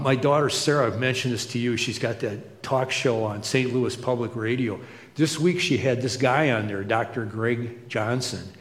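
Pastor, middle-aged man, chatty sermon storyteller; roomy hall sound. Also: mid-range voice. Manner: conversational, storytelling with asides. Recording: echoey hall with long reverb.

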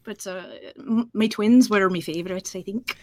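A woman talks in a relaxed, chatty way, breaking into laughter often and making light of herself. Her voice sits at a middle pitch and sounds close and dry, with no room in it. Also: normal speed, no room sound. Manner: laughs often, self-deprecating. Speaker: audiobook narrator and guest. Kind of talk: casual interview chat.

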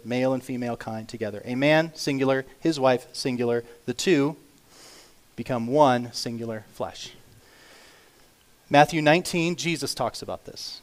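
A man preaching a sermon as pastor, earnest and emphatic, swinging between loud declarations and quiet asides, slowing down to read scripture aloud. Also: medium pitch. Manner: reads scripture aloud slowly.

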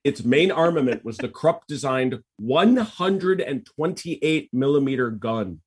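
Husky-voiced man reading tank facts casually. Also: mid-range voice, expressive, unhurried. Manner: reads facts aloud, then riffs with asides. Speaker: podcast co-host.

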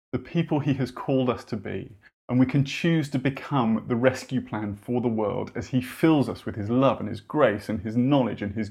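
Gravelly-voiced male preacher. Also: mid-range voice, darkish tone. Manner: earnest, conversational preaching with wry asides. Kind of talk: sermon.

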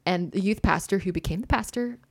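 A woman's voice: mid-range voice, brisk, dry recording. A young woman telling a personal story in casual chat, full of "like" and little laughs. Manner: chatty, heavy use of "like", laughs often.

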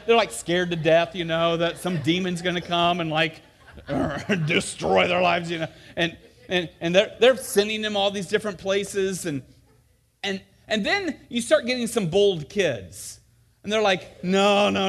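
A man's voice: high-pitched, fairly bright tone. A man preaching a sermon, telling a camp story with acted-out voices and many fillers and restarts.

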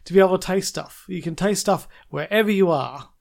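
A man co-hosting a casual chat, jokey and quick to laugh. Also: sits high, creaky, a little mellow.

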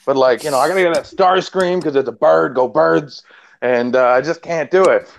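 A man with a lively, profane, laughing way of talking, telling a casual story on a podcast and acting out what others said. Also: on the high side, moderate pace, gravelly. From Canada. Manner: animated, profane, laughs often, acts out quotes. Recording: dull lo-fi sound.

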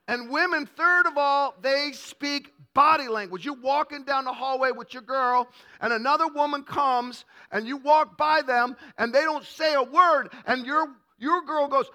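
Male preacher, high and bright, comic storytelling sermon. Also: measured pace. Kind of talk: humorous sermon.

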